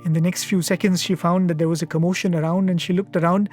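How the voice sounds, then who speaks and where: A man with a somewhat raised pitch tells a devotional story at a satsang, earnest and reflective. He pauses often and leans on small fillers as he goes. Faint music sits far behind his studio-recorded voice. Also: level tone, a little mellow. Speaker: satsang speaker. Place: media centre studio.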